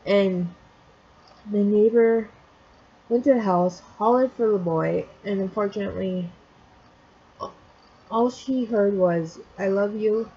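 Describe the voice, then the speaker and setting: Woman vlogging, choked up and halting, mellow husky voice, kinda muffled lo-fi sound. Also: medium pitch. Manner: emotional, halting, many restarts. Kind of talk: personal vlog, retelling a story.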